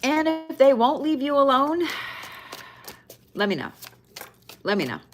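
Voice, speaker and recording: Music plays behind this tarot and zodiac reader as she works through a laid-back weekly card reading. Her voice is high and very animated yet unhurried; though tired and yawning, she stays blunt, curses frequently and repeats herself to drive points home.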